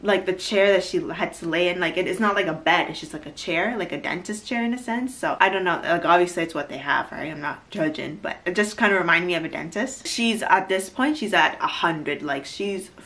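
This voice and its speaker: Chatty woman with a slightly low voice. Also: brisk, hardly any pauses, a bit bright. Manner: chatty, lots of "like", laughs easily. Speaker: YouTuber recapping a reality show. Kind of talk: casual recap chat.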